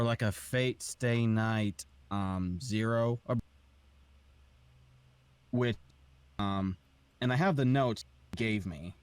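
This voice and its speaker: A man in a casual group chat, speaking slowly and deliberately. He recalls things in a thoughtful, unhurried way. The recording is dry and close. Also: fairly low pitch, clean tone, no echo.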